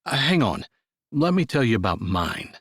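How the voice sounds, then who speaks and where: A man voicing a reclusive uncle speaking gently and haltingly to his young niece in an audiobook. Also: medium pitch, very animated, slightly rough, no room sound, studio quality. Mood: gentle, grieving. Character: grieving, gruff but gentle uncle.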